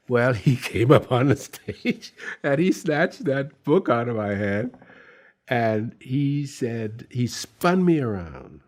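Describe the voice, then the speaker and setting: A man telling a personal anecdote in an interview, slow and deliberate, pausing with fillers. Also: fairly low pitch, lively intonation, darkish tone. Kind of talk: storytelling anecdote.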